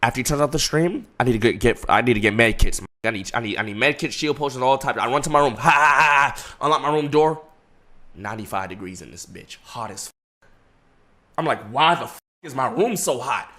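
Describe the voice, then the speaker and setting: A young man telling a long story to his chat in a casual, profane way, swinging from hushed to laughing. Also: medium pitch, animated, a little fast.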